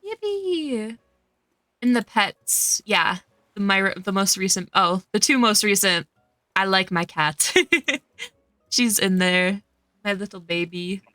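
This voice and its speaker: A woman's voice: medium pitch, fairly even intonation, slow pace, bright, forceful tone, no room sound. A young woman streaming a cozy game, chatting casually, reading chat aloud and gushing over cute characters. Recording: dry close sound with faint game music.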